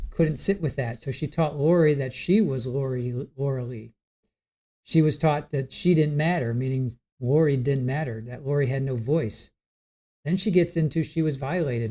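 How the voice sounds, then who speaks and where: A man's voice: medium pitch, darkish tone. Man casually recapping court statements. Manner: conversational, many fillers and restarts, chuckles now and then. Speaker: live stream host recapping a court sentencing. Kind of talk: casual spoken recap, reading out quotes.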